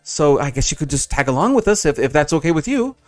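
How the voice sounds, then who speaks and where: A man's voice: fairly high pitch, very animated, quick pace. A man voicing a businesslike male matchmaker who speaks formally and hesitantly.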